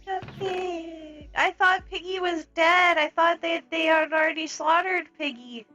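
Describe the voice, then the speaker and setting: A young woman streaming a game, chatting casually and gasping and squealing with excitement. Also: extremely high pitch, a little slow, muffled recording, faint music behind. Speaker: streamer playing a multiplayer block game.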